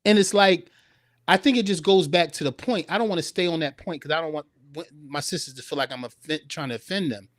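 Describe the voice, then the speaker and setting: A man co-hosting a live talk about relationships, asking questions in an animated way with frequent restarts. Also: a little high, fast talker, no echo, clean studio sound. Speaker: co-host.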